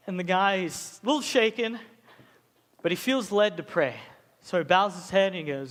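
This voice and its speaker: High-voiced young male youth preacher. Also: fairly quick, long reverb tail. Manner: casual, joking, animated storytelling. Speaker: youth pastor. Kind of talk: sermon.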